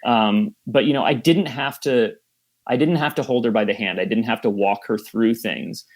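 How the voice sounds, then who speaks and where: A film director talking about his work in an interview, thoughtful and measured, often restarting phrases. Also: medium pitch. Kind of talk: casual interview chat.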